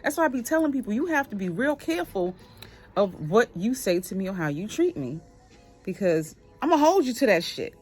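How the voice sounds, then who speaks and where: A woman's voice: mid-range voice, a little fast, breathy edge, faint music behind. Boston woman in her 40s vlogging, swears a lot, voice swings up and down. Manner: blunt, swears freely, lively. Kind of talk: casual talk to camera.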